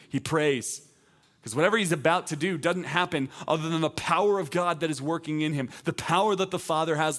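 In a mid-range voice, a man serving as teaching pastor gives a sermon that starts out conversational and emphatic, then swells into loud declarations.

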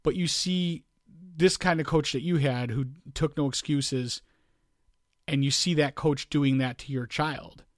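A man's voice: on the high side, steady tone, unhurried, no room sound, clean studio sound. A man co-hosting a podcast in casual chat, rambling and often restarting his sentences while he hunts for words. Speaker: podcast co-host.

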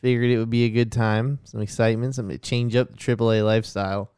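Smooth-voiced wry podcast guy. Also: mid-range voice, little pitch movement, fast, a little mellow, no room sound, studio quality. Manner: wry, joking asides. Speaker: podcast co-host. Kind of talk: casual group chat.

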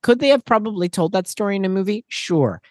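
A man's voice: high-pitched, animated, fast, darkish tone, no room sound, clean studio sound. A man co-hosting a podcast in casual chat, sharing trivia knowledgeably and agreeing often. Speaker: podcast co-host.

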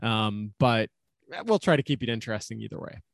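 A man with a Minnesotan accent, co-hosting a casual podcast chat from home, relaxed and chuckling often. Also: lowish voice, a little fast, vocal fry, dry recording. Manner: laid-back, chuckling often. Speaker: podcast co-host, actuary.

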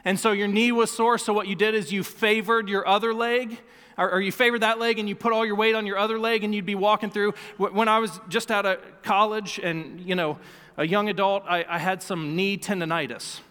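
A man's voice: sits high, steady tone, a little fast, pushed and bright, smooth, long reverb tail. A man in his thirties preaching a sermon as pastor, earnest and emphatic, often repeating key phrases. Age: 30s. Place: church sanctuary.

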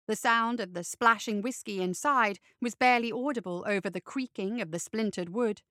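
A woman narrating a fantasy story aloud in a steady reading voice. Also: a little high, normal speed, no echo, clean studio sound.

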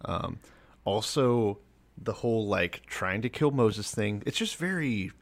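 A man co-hosting a relaxed podcast discussion, working through ideas in an analytical, thoughtful way with dry humor. His voice sits fairly low for a man. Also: slow pace. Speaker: podcast co-host. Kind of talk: casual chat.

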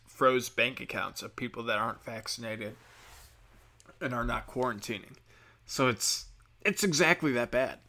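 A man's voice: mid-range voice, bright, forceful tone. A young man ranting bluntly and sarcastically, swearing often in casual talk. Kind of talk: casual political rant.

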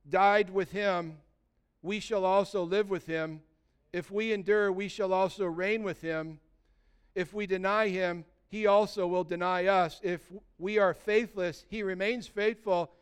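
A man preaches to his congregation with a voice that sits high for a man and rings smooth and clear. He tells stories with real emphasis and drives his points home through repetition. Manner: storytelling, emphatic with repeated phrases. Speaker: pastor. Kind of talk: sermon.

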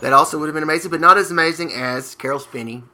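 A man's voice: a little high, very fast, pushed and bright. A man co-hosting a casual comedy chat show, joking playfully. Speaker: co-host.

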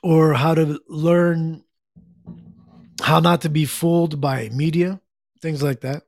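Brief: middle-aged male streamer, relaxed rambling chat, gravelly, slightly higher voice. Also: slow, dry recording, studio quality. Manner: rambling, easygoing, reads chat aloud. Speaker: livestream host. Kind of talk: casual chat with viewers.

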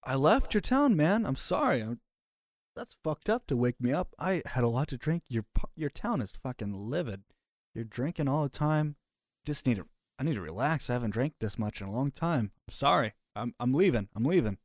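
A man's voice: medium pitch, big pitch swings, moderate pace, dry recording, clean studio sound, voice pushed up. A man voicing a hungover, drunken adventurer who rambles and apologizes. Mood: groggy. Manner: rambling, apologetic, eager to please.

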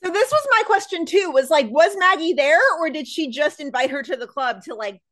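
An effusive woman co-hosting a casual recap podcast. Her voice is bright and slightly high, and she talks through the scenes with eager enthusiasm. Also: animated, a little fast. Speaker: podcast co-host. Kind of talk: casual chat recapping a TV episode.

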